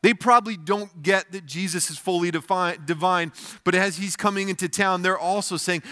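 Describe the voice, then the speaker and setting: A man's voice: moderate pace, hardly any pauses. A man preaching a sermon in a church, explaining scripture in plain, conversational terms. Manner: prays in a softer, lower voice. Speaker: pastor.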